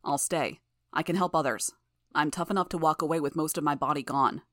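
A woman voicing a stubborn man who leads a team of capes, speaking in a flat, matter-of-fact way in an audiobook reading. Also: low-pitched, a little fast, no echo, studio quality. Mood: steady, blunt. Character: steady male cape leader, stubborn and guarded.

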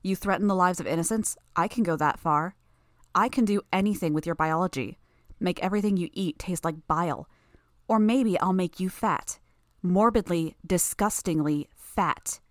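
A spiteful teenage healer girl, as a woman narrator puts her on mutters low and menacing. Her threats come out slow and quiet. The recording is dry and close. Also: dry recording, natural voice.

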